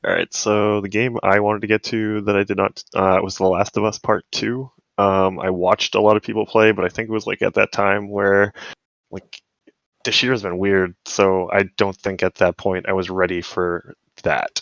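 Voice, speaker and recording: A man's voice: fairly low pitch, level tone, moderate pace, vocal fry, a bit bright, no room sound, dull audio. A man chatting casually with friends on a game livestream, laughing and swearing. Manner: laughing, profane banter.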